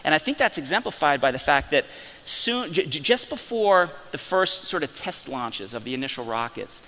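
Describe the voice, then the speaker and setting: A man presenting at a company conference session, telling stories in an animated way with frequent restarts. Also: fairly high pitch, normal speed, long reverb tail. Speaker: company science officer presenting. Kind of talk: live conference talk. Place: conference breakout hall.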